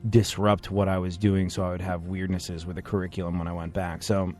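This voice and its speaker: A man's voice: deep voice, little pitch movement, fairly quick, a little mellow, soft background music. A man hosting a podcast in casual chat, talking in a wry, rambling, self-deprecating way. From England. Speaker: podcast host.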